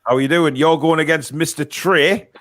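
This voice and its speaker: A man's voice: fairly high pitch, normal speed, fairly bright tone, no room sound. A man with a North East English accent hosting a casual football quiz, joking and teasing the players and swearing freely. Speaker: quiz host.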